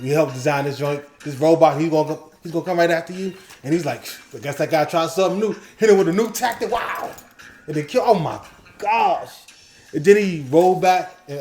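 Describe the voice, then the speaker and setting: An excitable man with a slightly high voice talks casually as co-host and breaks into animated quoted lines. His voice rings in an echoey room. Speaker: podcast co-host. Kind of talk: casual chat, ranking episodes.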